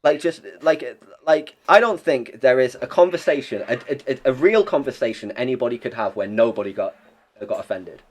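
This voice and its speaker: A man's voice: medium pitch, animated, normal speed. Young man, podcast guest; blunt, rambling, casual swearing. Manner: rambling, blunt, swears freely, many restarts. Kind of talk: casual chat.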